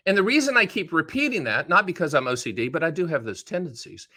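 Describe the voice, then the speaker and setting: A man with a bright, forward voice that sits a little higher than most men's hosts his own show about annuities. His delivery is casual and folksy, and he breaks up his explanations with joking asides and animated voices. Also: fast talker. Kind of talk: casual direct-to-camera explainer.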